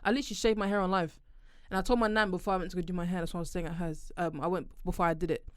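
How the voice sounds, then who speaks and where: A woman chatting casually as a podcast co-host, telling stories in a quick, laughing way. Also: on the low side, steady tone, no echo, studio quality. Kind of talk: casual chat.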